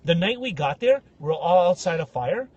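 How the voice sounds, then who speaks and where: Young guy podcast co-host, high voice all over the place, acts out everyone in his stories. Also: normal speed, dry recording, highs cut off. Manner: animated, acts out voices in anecdotes. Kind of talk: casual comedic storytelling.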